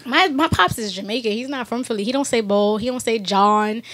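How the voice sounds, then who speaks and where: Animated young New York woman. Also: on the high side, fairly quick. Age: young adult. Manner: animated, emphatic, talks in long runs. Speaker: guest actress. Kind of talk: casual podcast interview. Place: recording studio.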